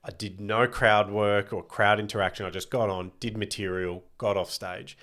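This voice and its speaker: A man's voice: lowish voice, normal speed. An Australian man, a comedian guest, telling stories in a casual podcast chat, swearing freely and putting on voices. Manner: animated storyteller, swears freely.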